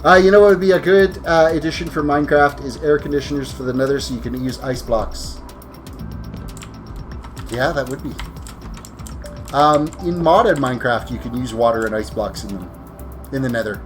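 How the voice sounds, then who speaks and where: Tired guy livestreaming a game, mid-pitch voice, rambles and corrects himself, some faint music behind. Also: normal speed, long pauses. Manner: rambling, self-correcting, talks while playing. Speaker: live streamer. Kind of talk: casual gameplay commentary.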